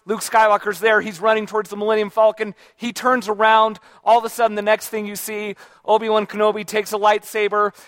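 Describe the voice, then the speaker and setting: A high-voiced man delivers an informal lecture to a live audience in a room, speaking briskly and in a monotone with hardly any pauses. His fairly bright, echo-free delivery is conversational, full of fillers and restarts, and he checks in by asking the audience questions.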